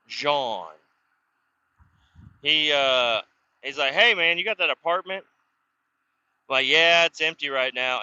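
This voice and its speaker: A man with a very bright, sharp, tense voice spins a rambling, profane story, stumbling over restarts and acting out who said what. It is a dull, lo-fi self recording. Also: mid-range voice. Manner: profane, rambling, full of restarts and acted dialogue. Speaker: vlogger telling stories. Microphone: self-recorded camera or phone mic.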